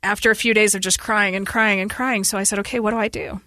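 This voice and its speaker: A woman in her forties, a podcast guest, telling a painful family story in an earnest, urgent, fast-flowing way. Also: medium pitch, fairly even intonation, bright, forceful tone, no room sound. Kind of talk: emotional personal interview.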